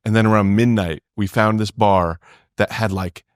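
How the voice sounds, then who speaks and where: A man's voice: fairly low pitch, fairly even intonation, moderate pace, clean tone, no room sound, studio quality. A man in casual podcast chat, telling a long rambling story packed with "like" fillers.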